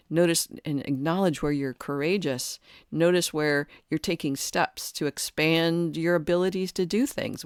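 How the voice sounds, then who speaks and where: A woman with a low voice hosts a solo podcast, thinking aloud earnestly with lots of restarts and filler words. She is a podcast host and coach, and the reflective talk is recorded in a clean studio with no echo.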